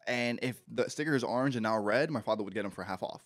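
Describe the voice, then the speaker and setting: Young male co-host, rapid and needling, mid-pitched voice, dry studio sound. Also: no echo. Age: young adult. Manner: fast, teasing banter. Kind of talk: casual comedic chat.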